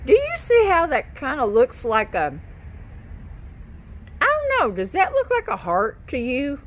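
A woman's voice: high voice, huge pitch swings, measured pace. Chatty woman gardening outdoors. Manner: chatty, scattered, talks to plants and viewers. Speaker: gardening vlogger. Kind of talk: casual chat to camera while gardening.

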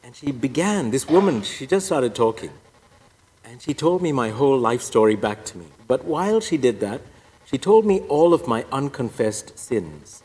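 A man's voice: medium pitch, a little mellow. A priest giving a personal testimony talk, telling his story with wry, self-deprecating humor. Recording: echoey hall reverb.

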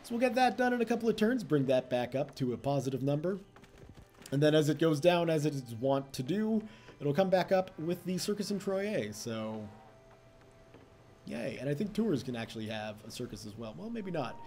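A man's voice: on the high side, lively intonation, moderate pace, a little mellow, slight background noise. A young man casually commenting on his strategy game session, chatty and self-mocking, laughing often. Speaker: let's play host.

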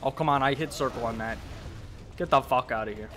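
A young man giving casual let's-play commentary, swearing and talking back to the monster, with sudden yells. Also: mid-range voice, brisk, a little hiss or hum. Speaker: gameplay commentator.

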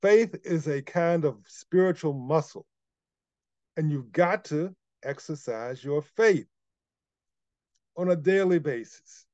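A man preaching in a sermon, emphatic and driving home points by repetition. His voice sits a little high for a man. The recording is dry and slightly dull. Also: slow pace, pauses often, darkish tone, no room sound. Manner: emphatic, repeats key phrases.

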